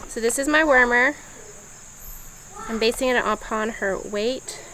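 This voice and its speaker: A woman's voice: on the high side, measured pace, bright, forceful tone, slight background noise, low-quality recording. A woman vlogger giving a practical step-by-step how-to talk outdoors on a farm. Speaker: homesteading vlogger. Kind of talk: casual how-to explanation.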